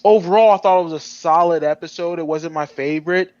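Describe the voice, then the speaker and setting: A man co-hosting a podcast in casual discussion, animated and rambling with many restarts. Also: a little high, fairly quick, no echo, highs cut off. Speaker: podcast co-host.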